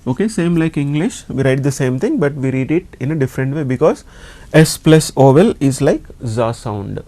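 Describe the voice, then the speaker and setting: A man teaching a class, slow and patient, saying each word several times over. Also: medium pitch, expressive, mellow. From India. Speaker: language teacher.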